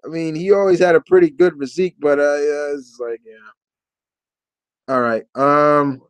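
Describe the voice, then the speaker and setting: A man's voice: fairly high pitch, fairly even intonation, moderate pace, clean tone, no echo. A man hosting a casual live-stream Q&A, talking in a rambling, chatty way with lots of fillers and restarts. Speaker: host of a live Q&A.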